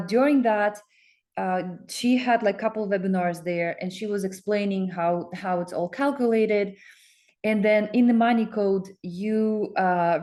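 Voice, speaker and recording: Excited rambling woman coach. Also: medium pitch. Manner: excited, rambling, with many fillers and restarts. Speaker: coach promoting a focus group. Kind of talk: casual self-promotional talk with screen share.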